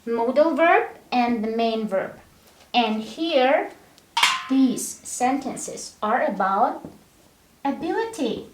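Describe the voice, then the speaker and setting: A woman's voice: a little high, expressive, takes it slowly, background noise. A woman teaching an English grammar lesson, speaking patiently and repeating words one at a time to show the stress. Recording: echoey room.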